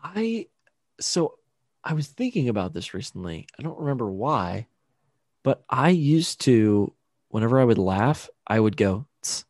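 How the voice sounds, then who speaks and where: A young man co-hosts a casual podcast, his pitch bouncing lively up and down. He rambles, cuts himself off and swears now and then. The sound is close and dry. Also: measured pace, no echo. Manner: rambling, self-interrupting, swearing. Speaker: podcast co-host. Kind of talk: casual chat. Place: home room with roommate nearby.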